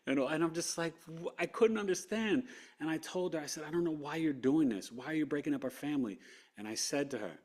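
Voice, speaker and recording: Earnest man telling a personal story. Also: medium pitch. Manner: earnest, animated, acts out quotes. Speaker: guest.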